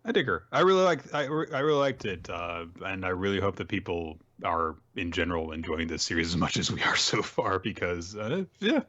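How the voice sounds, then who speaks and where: A man's voice: deep voice, sing-song, a little fast, hardly any pauses, a bit bright, highs cut off. A man co-hosting a podcast, casually summarizing comic chapters with chatty asides. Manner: chatty summarizing, acted quotes, frequent laughs. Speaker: podcast co-host. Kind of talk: casual chat recapping manga.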